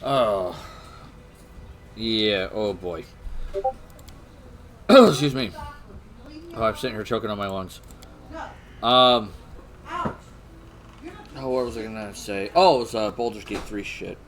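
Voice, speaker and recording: A man co-hosting a livestream, chatting casually with frequent pauses and fillers while greeting viewers. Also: fairly low pitch, slight background noise. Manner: relaxed, halting with many fillers, greets chat viewers. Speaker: livestream co-host. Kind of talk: casual chat.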